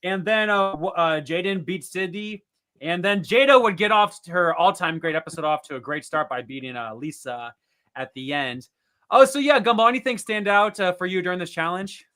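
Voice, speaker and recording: A man hosting a casual podcast recap over a video call, talking in an animated way with lots of fillers and restarts. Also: high-pitched, moderate pace. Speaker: podcast host.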